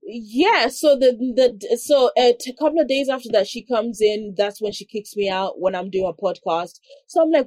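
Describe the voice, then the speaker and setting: Husky-voiced woman telling a story animatedly. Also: fairly high pitch, normal speed, few pauses, no echo. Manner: animated, acts out quoted dialogue; frequent "like" fillers. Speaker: podcast guest telling a story. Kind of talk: casual storytelling.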